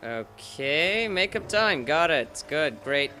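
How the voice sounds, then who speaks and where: A man with a higher, bright, forceful voice rambles through let's-play commentary. He jokes at his own expense and wanders off on tangents between races. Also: animated, extremely slow, long pauses, clear, resonant tone. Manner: rambling, self-mocking, jokey. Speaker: game commentator.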